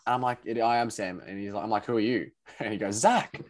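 A man's voice: quick pace, a crowd in the background. A young man chatting casually, telling stories and acting out what people said with big jumps in his voice. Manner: animated storyteller, acts out quotes with big pitch jumps. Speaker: podcast co-host telling a story. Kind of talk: casual chat.

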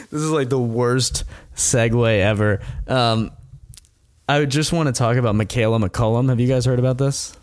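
A man's voice: medium pitch, smooth, dry recording. A man in his middle register spins a story in loose, rambling talk, chuckling often and dropping blunt, profane asides. The sound is dry and close, with no room around it. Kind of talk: casual storytelling chat.

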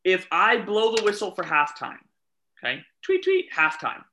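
Casting: man, referee storyteller, very bright voice, a little high, animated, quotes people. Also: normal speed, slight background noise, low-quality recording. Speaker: youth soccer referee. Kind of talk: casual chat, storytelling.

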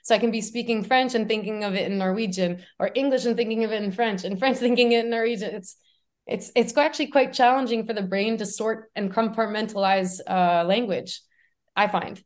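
A woman's voice: mid-range voice, fairly quick. Chatty woman guest telling stories. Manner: animated, laughs often, frequent restarts. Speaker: podcast guest. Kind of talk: casual conversational storytelling.

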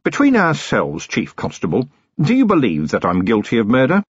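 A man's voice: medium pitch, wildly swooping pitch, moderate pace, husky, no echo, pitched above the performer's own voice. A man reading a novel aloud, voicing a seasoned city police commander who talks dry, plain and wry. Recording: dull lo-fi audiobook recording.

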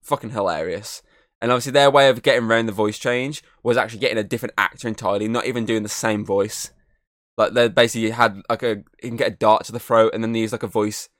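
A man's voice: on the low side, fairly bright tone, no echo, studio quality. A man co-hosting a podcast, talking in a loose, rambling way that is full of fillers and swearing. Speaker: podcast co-host. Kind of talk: casual chat.

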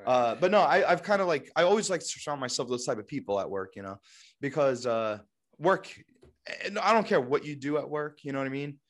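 A man's voice: medium pitch, big pitch swings, fairly quick. A young man co-hosting a podcast in casual chat, rambling and full of fillers like "like" and "you know". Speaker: podcast co-host.

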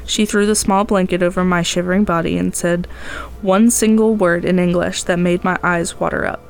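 A woman's voice: fairly low pitch, steady tone, normal speed, vocal fry, clear, resonant tone. A woman podcast host narrating a tense first-person tale in a dramatic storytelling manner.

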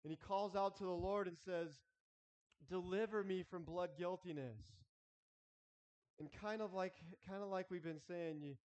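A man preaches in an earnest, halting way, often restarting and voicing pleading prayers. His voice sits a bit high. The sound is dull and rings with long reverb in a big room. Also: steady tone, a little mellow, clean tone. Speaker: pastor. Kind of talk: sermon.

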